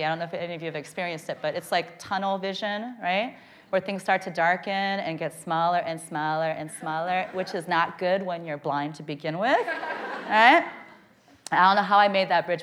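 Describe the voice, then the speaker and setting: A woman with a fairly low-pitched voice recounts a comic personal tale to a live audience. Lively and self-mocking, she keeps checking in with "okay?" and "right?"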